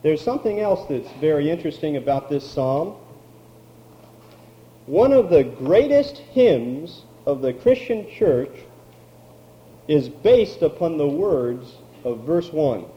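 A man preaching a sermon, slow and emphatic, drawing out key words. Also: a little high, expressive, dull audio. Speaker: pastor.

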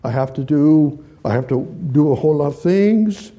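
The audio is dull, but the man's fairly high, dark-toned voice moves at a moderate pace with lively intonation. Preaching a sermon, he reads scripture, repeats himself, asks listeners questions, and gestures with his hands.

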